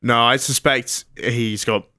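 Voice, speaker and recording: Male co-host, bright and dry, jokey storyteller who acts out characters. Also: mid-range voice, fairly even intonation, takes it slowly, clear, resonant tone, no echo. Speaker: podcast co-host. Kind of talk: comedic casual chat.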